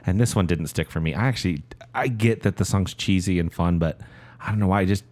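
A man's voice: sits low, fast, a little mellow. A man hosting a casual chat show, announcing song matchups and joking with his co-hosts. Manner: announces matchups, jokes around. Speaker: podcast host running the matchups.

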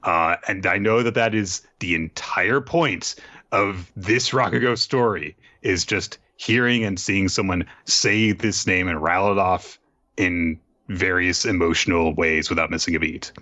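A man's voice: sits low, unhurried, bright, forceful tone, muffled recording. A man hosting a podcast, recapping an anime episode in loose casual chat with lots of fillers and restarts. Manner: rambling, many fillers and restarts.

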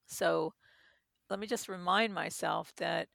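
Creaky-voiced woman explaining gently. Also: lowish voice, slow, no echo, studio quality. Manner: gentle, explains with personal examples. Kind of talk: reflective interview talk.

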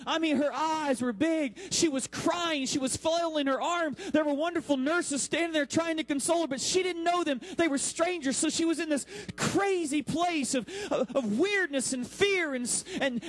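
A man in his thirties preaching a sermon as pastor, with dramatic pauses and acted-out quotes. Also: very high voice, low-quality recording. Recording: mains hum.

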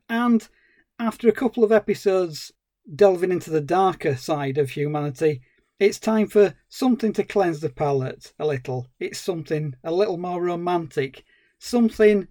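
A man's voice: high voice, moderate pace, no echo, clean studio sound. A man co-hosting a film podcast, chatting casually and laughing easily. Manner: animated, laughs at his own lines. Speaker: podcast co-host.

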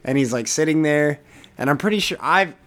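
A young man co-hosting a podcast in casual chat, rambling and laughing as he retells scenes with animated bursts. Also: on the high side, a little fast. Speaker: podcast co-host.

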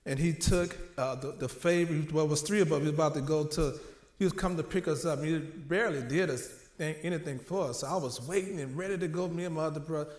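A man preaches in a conversational, emotional style, his voice sitting a little high for a man. The sound rings in an echoey church room. He dips into the voices of the people in his stories. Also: quick pace, a little mellow. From New Orleans. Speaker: minister. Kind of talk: sermon.

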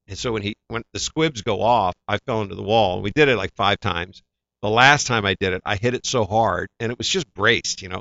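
Gravelly low guy telling acting stories, bright edgy voice, dull dry sound. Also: dry recording. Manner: animated anecdotes, acts out quoted voices. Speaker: actor, guest. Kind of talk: casual interview storytelling.

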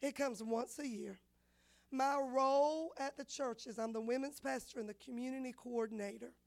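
High-voiced woman preaching. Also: moderate pace, vocal fry. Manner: animated storyteller, acts out dialogue. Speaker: women's pastor. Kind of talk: sermon testimony storytelling.

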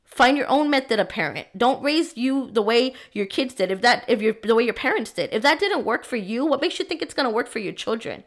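A woman's voice: on the high side, animated, a little fast, hardly any pauses. A young woman hosting a faith-based motherhood podcast, talking earnestly with lots of "right?" and "like", her voice worn from being sick. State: sick, voice affected. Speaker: podcast host.

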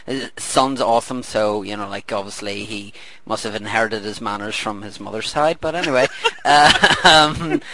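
A man's voice: fairly low pitch, normal speed, bright, forceful tone, no echo, poor audio. A man hosting a podcast commentary, chatting casually, rambling with fillers and laughter. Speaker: podcast host.

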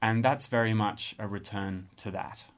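In a studio space, a composer and musician in his thirties with an Australian accent talks about his music in a relaxed interview. His voice is a little low, and he's thoughtful and hesitant, often pausing and restarting as he thinks.

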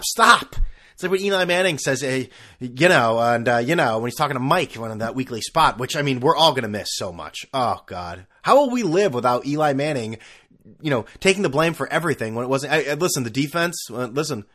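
A young man talks through a solo podcast in a loose, rambling way, stacking fillers and restarts as he goes. His tone is sarcastic and mocking, and his pitch swoops up and down in a lively, animated way. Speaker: podcast host. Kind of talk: casual solo podcast monologue.

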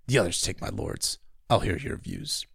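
A man's voice: deep voice, huge pitch swings, moderate pace, gravelly, a bit bright, slightly rough, dry recording, clean studio sound, pitched below the performer's own voice, full character voice. A man voicing a stern, grim middle-aged king, speaking in a clipped, severe way through a clenched jaw. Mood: scornful.

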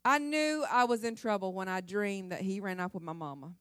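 A woman's voice: mid-range voice, brisk, a bit bright, slight background noise. A middle-aged woman giving a humorous testimony sermon, acting out her own cries and often laughing. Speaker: pastor's wife and speaker.

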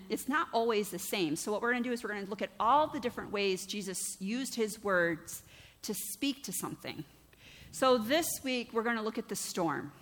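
A middle-aged woman pastor giving a conversational, lively sermon, often checking in with the congregation. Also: fairly high pitch. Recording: long church-hall reverb.

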